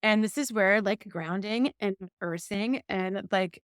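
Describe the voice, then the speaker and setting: Animated woman telling a story. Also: medium pitch, unhurried, smooth, no room sound, clean studio sound. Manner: animated, acts out her own past quotes. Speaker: podcast co-host. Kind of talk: casual storytelling chat.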